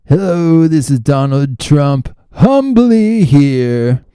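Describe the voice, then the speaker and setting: A man doing an impression of an older male politician, fake-humbly pleading for donations in a drawn-out voice. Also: on the high side, animated, warm tone, clear, resonant tone, no echo, studio quality, voice pushed up. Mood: mock humble.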